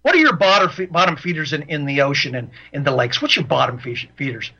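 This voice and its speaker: Radio host, man, high and piercing voice, heated and repetitive, dull broadcast sound. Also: expressive, fast talker, bright, forceful tone, breathy edge. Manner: ranting, repeats himself for emphasis. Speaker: radio talk show host. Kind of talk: opinionated radio monologue.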